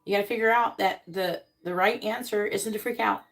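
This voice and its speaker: A woman doing a casual live tarot reading, reading card meanings aloud and speaking bluntly, with swearing and quick comic voices. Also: medium pitch, steady tone. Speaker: tarot reader on a live stream.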